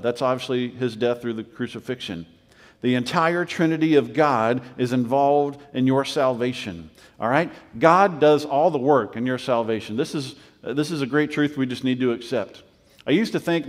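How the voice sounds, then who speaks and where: A man's voice: mid-range voice, moderate pace, big-room sound. A man preaching a conversational sermon as pastor, with emphatic repetition and frequent check-ins with the congregation. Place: church sanctuary.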